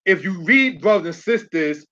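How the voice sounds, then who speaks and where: Man, congregation teacher, sermon with slides, fairly high voice, repeats points and checks in with listeners, dull lo-fi recording. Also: lively intonation, moderate pace, bright, forceful tone. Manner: repeats key phrases, checks in with the audience. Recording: dull lo-fi sound.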